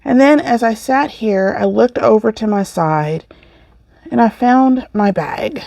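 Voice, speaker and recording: A woman's voice: on the high side, unhurried, creaky, warm tone, no echo. A middle-aged woman hosting a crafting podcast, chatting casually in a rambling, self-correcting way as she shows off her yarn. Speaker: podcast host. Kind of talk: casual chat showing crafts.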